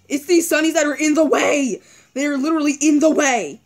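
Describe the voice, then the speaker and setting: A woman's voice: sits high, brisk, soft background music. A young woman commenting on a video game as she plays, anxious and pleading, often repeating words and crying out. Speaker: gaming video creator. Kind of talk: let's-play commentary.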